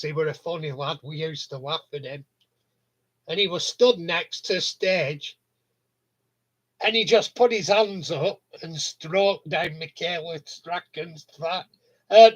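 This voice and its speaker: A man, hosting a casual live stream chat. His voice sits high for a man, and he talks slowly. He tells rambling stories and chuckles along the way. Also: a bit bright.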